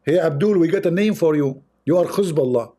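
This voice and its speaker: A livestream host talks in a slightly raised voice with a dark, mellow tone. He is sarcastic and repeats himself, tossing in chuckling asides. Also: a little high, fairly quick. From Arab world. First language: Arabic. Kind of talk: mocking livestream commentary.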